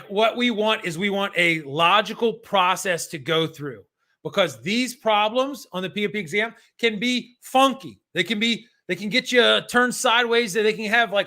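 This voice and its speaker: A man leads a live-stream lesson, talking straight to chat viewers in a loose, slangy way. His voice sits high and comes across bright and forceful. He keeps the energy up as he walks through exam questions. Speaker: exam prep coach.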